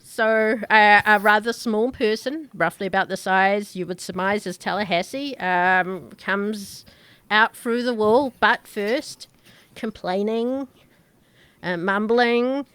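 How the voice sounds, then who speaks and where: A woman narrating a tabletop game as game master, describing scenes slowly with halting fillers. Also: medium pitch, a bit bright, clear, resonant tone, dry recording.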